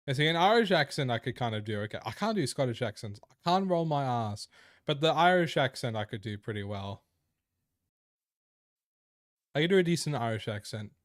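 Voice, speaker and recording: Joking streamer, close and dry. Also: male voice, mid-range voice, expressive, brisk, dry recording. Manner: joking, crude, chatty with viewers. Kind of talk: casual live-stream chat. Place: indoor room.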